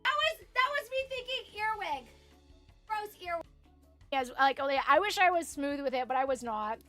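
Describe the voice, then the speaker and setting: Bright, high-voiced chatty woman streamer. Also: very animated, moderate pace, soft background music. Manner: chatty, giggly, swears freely, many fillers. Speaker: game streamer. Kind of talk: casual live-stream chat.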